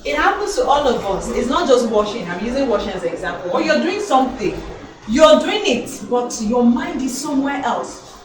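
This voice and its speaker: A young woman leads a motivational speaking class, animated and quizzing her listeners. Her voice sits a little high. It comes from a way off the mic, in a strongly echoing hall. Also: normal speed. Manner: animated, calls out questions for the audience to answer. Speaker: elocution and public speaking trainer. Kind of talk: motivational talk to a live audience. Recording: very echoey hall, voice from far off.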